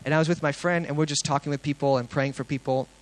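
A young man sharing a testimony with a congregation, telling his story earnestly and excitedly, with plenty of fillers and restarts. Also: on the high side, fast, low-quality recording.

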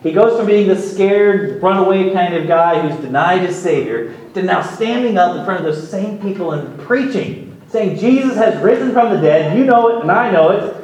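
A man's voice: high-pitched, expressive, normal speed, hardly any pauses, a little mellow. A male pastor preaching a sermon in a conversational way, with offhand asides and humor. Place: church sanctuary. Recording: very echoey hall, mic far off.

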